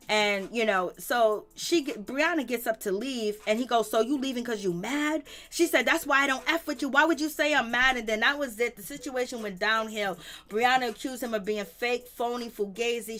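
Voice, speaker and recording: A woman's voice: fairly high pitch, a bit bright. Chatty woman recapping reality TV. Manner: chatty, slangy, laughs often, exclaims "Lord have mercy". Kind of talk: casual live commentary.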